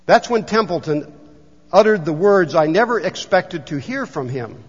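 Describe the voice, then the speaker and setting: A pastor gives a sermon, a man with a somewhat high voice who tells stories and reads passages in an unhurried way. His words ring out with a long reverb in the sanctuary. The recording is dull and lo-fi. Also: lively intonation, husky. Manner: storytelling, reads book passages aloud slowly. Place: church sanctuary.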